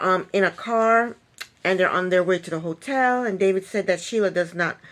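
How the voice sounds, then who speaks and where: A woman's voice: fairly low pitch, fairly bright tone. A woman talking through a reality TV episode recap in a casual, opinionated way, with many ums. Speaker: recap vlogger.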